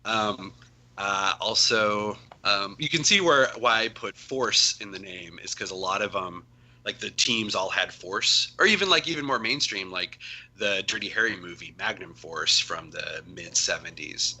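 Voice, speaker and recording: A man's voice: lowish voice, a little slow, sharp tone, rough recording. A man, a comic writer on as a guest, chatting casually and rambling with lots of fillers. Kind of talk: casual chat.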